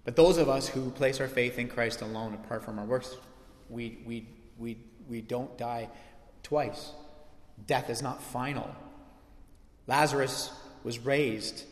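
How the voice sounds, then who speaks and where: A man preaching a sermon as pastor, animated and conversational, with asides and restarts. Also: mid-range voice, unhurried. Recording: echoey hall with long reverb.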